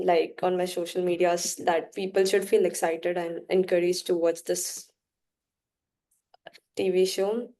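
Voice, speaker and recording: A woman's voice: lowish voice, a little mellow. A young woman giving a practice speaking-test answer, hesitant and full of fillers, sometimes giggling. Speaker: student.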